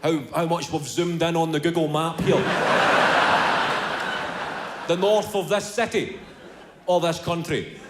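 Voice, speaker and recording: A Scottish man doing animated stand-up comedy, swearing freely and putting on the voices of family members. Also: on the high side, a little slow, long pauses. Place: live comedy venue with audience. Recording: roomy live venue with crowd noise.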